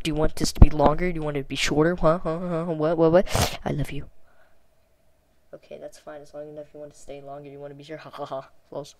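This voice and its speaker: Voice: mid-range voice, darkish tone. A video host reading out a typed chat with a chatbot in a casual, sarcastic and exasperated way, laughing often along the way.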